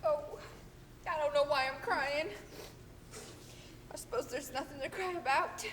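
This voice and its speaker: A woman's voice: sits high, measured pace, a bit bright, slight background noise. A woman playing an emotional, fussing mother of the groom in a live stage play. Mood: tearful. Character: fretful tearful mother of the groom. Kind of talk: live amateur stage acting. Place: theater stage. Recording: echoey hall reverb.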